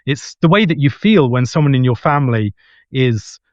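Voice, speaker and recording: A man's voice: medium pitch, animated, moderate pace, dry recording, lo-fi sound. A man who is a guest scholar, giving an articulate, reflective answer that builds a long argument. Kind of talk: discussion answer.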